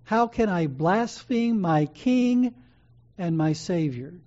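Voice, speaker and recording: Defiant old man martyr, voiced by a preacher, calm, resolute, mellow tone. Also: medium pitch, slow, dull audio.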